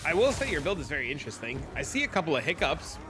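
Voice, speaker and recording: A man streaming a video game, rambling and thinking out loud as he talks through builds. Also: a little high, very animated, racing, noisy background. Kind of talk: casual gameplay commentary.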